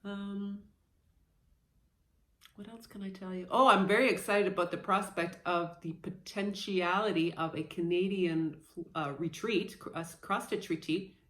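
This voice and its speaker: A woman's voice: mid-range voice, fairly even intonation, measured pace, fairly bright tone. Chatty woman vlogger in an echoey room. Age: 30s. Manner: scattered, playful, chatty with fillers. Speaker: cross-stitch vlogger. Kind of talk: casual chat showing a stitching haul.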